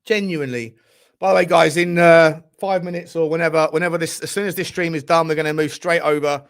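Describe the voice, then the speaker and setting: High-voiced man ranting at football. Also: steady tone, fairly quick. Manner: furious, swearing ranting. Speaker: football fan channel host. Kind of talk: live football watchalong commentary.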